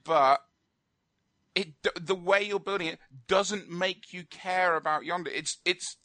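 Male radio co-host, opinionated rambler, bright tone, dry close sound. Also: high voice, fairly even intonation, measured pace, dry recording. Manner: opinionated, rambling with fillers and restarts. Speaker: film review co-host. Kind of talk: casual radio chat.

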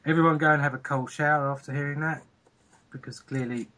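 A man's voice: on the high side, fairly even intonation, a little fast, bright, forceful tone. A man co-hosting a casual podcast, playful and jokey, stammering and repeating himself. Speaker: podcast co-host.

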